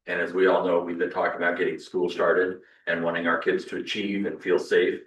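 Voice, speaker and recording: Deep-voiced school principal, man. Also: completely flat delivery, a little fast, fairly bright tone, a little hiss or hum. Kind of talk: address at a board meeting. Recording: roomy sound from a distant mic.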